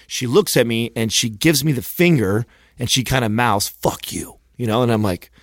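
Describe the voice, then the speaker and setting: A man's voice: medium pitch, normal speed, no echo. Man telling a wild bar story, dry mic. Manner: animated, profane, acts out quotes. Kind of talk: casual storytelling chat.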